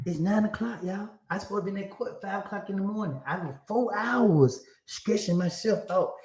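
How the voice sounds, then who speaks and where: High-voiced man preaching his own story. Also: lively intonation, moderate pace, a little mellow, echoey room. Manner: preachy, emphatic, retelling talks with God. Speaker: commentator in a played clip. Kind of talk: storytelling monologue.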